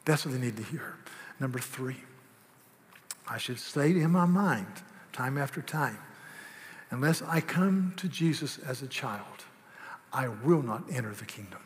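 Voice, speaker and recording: A man preaching a sermon as pastor, swinging from hushed, tender asides to loud, emphatic declarations. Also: medium pitch, animated, measured pace, pauses often. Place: church sanctuary. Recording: long hall reverb.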